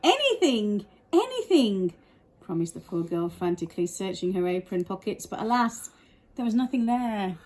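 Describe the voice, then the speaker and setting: A woman's voice: fairly low pitch, steady tone, normal speed, dark tone, rough recording. A woman reading a children's picture book aloud with wry, teasing asides. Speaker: storybook reader.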